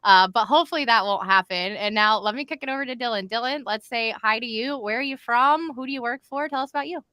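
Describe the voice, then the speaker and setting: A woman's voice: fairly high pitch, fast, bright, forceful tone, no room sound. A woman hosting a live stream from home, chatty and upbeat, calling the viewers y'all. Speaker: host of a live show. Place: home in Florida.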